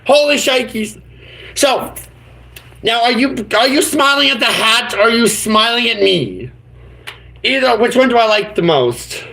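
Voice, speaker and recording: Man, YouTuber, high voice, gravelly, silly rambling live chat. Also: animated, measured pace, bright, forceful tone, low-quality recording. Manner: silly, rambling, full of made-up words. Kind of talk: goofy casual live-stream chatter.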